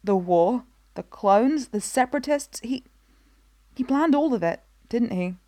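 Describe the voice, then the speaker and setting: A woman's voice: on the high side, lively intonation, measured pace, mellow, no echo, voice pushed up. A woman reading as an anguished, strong-willed queen.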